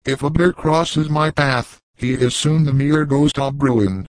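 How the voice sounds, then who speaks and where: A man's voice: mid-range voice, steady tone, a little slow, dry recording, lightly acted, low-quality recording. A man voicing a young frontier hunter who talks in a boastful, easygoing way.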